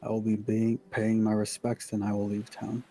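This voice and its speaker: A man's voice: on the low side, completely flat delivery, moderate pace, dark tone, natural voice. A player voicing a proud young prince who is grieving and holding back his feelings, speaking in a clipped, restrained way. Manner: clipped and restrained, through gritted teeth.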